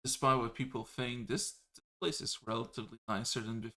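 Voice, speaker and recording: A man's voice: mid-range voice, fairly even intonation, moderate pace, sharp tone, natural voice. A man playing a brusque, sardonic female magic teacher in a tabletop game. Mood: dry. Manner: curt, sardonic, rough-tongued. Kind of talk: tabletop role-play.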